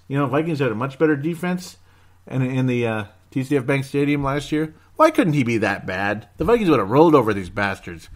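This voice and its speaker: A man's voice: mid-range voice, sing-song, brisk. A man hosting a sports podcast, rambling through results with sarcasm and mock despair. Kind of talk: casual sports commentary.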